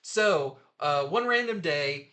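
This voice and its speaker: A man talks through the week's new comics in a loose, rambling way, full of fillers and restarts. His voice is bright and sits a little high for a man. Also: expressive, slow pace. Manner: chatty, rambling retelling with fillers. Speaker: comic shop reviewer. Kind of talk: casual comic review.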